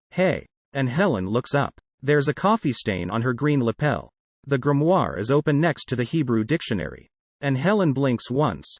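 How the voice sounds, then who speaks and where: A man reading an audiobook in the first person, with expressive delivery. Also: medium pitch, dry recording. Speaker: audiobook narrator. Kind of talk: audiobook narration.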